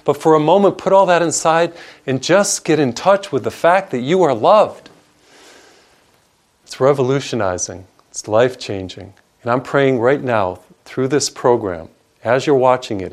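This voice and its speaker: A man, a priest, preaching a televised sermon in an earnest, emphatic way, stacking up lists of words and dropping soft on tender lines. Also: medium pitch, lively intonation, normal speed.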